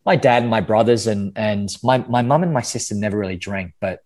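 A man's voice: on the low side, brisk, darkish tone. A man speaking candidly as a podcast guest, often restarting and repeating words, with casual swearing. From Australia. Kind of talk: candid interview conversation.

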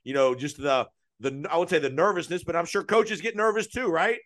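A man's voice: a little high, brisk, a bit bright. A man hosting a sports radio show, interviewing a coach in a chatty way with loose, restarting phrasing.

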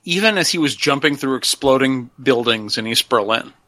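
Bright-voiced enthusiastic man. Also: mid-range voice, lively intonation, moderate pace, no echo. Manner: earnest, enthusiastic. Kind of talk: casual chat.

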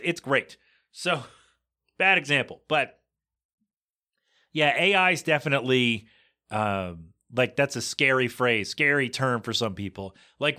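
A podcast host in his thirties chatting casually, reading listener answers and mocking them in an exasperated, animated way. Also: mid-range voice. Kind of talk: casual chat.

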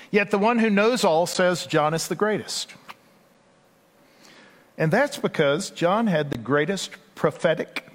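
A man's voice: fairly high pitch, a bit bright. A man with a Texas accent preaching a sermon in a folksy, conversational way with asides. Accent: Texan. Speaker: pastor. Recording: long hall reverb.

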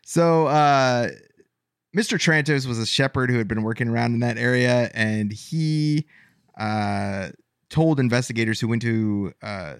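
A man in a casual podcast chat, telling a story between frequent uhs and pauses. His pitch sits in an ordinary middle range. The recording is dry and close, with no room sound. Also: clean tone, no echo. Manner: halting, filler-heavy telling with many uhs. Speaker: podcast co-host narrating the story.

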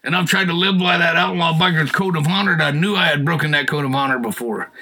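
A middle-aged man tells his personal story in a folksy, earnest way. His voice is bright and forceful, with a husky grain, and sits a little high for a man. He builds to loud, impassioned appeals. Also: fast. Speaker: guest telling his testimony. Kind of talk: personal testimony.

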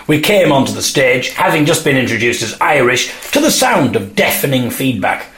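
A man telling a funny travel story as scripted narration, with dry deadpan asides. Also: mid-range voice, normal speed, a little hiss or hum. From England. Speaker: podcast host.

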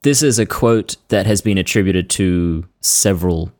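A man's voice: deep voice, moderate pace, darkish tone. A man co-hosting a podcast in casual chat, telling stories and reading quotes aloud with bursts of laughter. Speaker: podcast co-host.

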